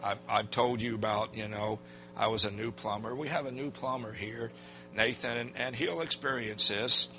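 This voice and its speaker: An older man preaching as a pastor speaks at a normal speed with medium pitch, faint music behind him. His sermon features a folksy, animated personal anecdote where he acts out people's lines.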